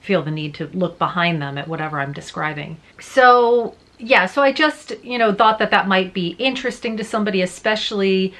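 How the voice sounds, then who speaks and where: A young adult woman who works as a voice-over artist and teacher, talking casually to camera and explaining with lively hand gestures. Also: medium pitch, brisk, hardly any pauses. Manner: animated, gestures with her hands while talking.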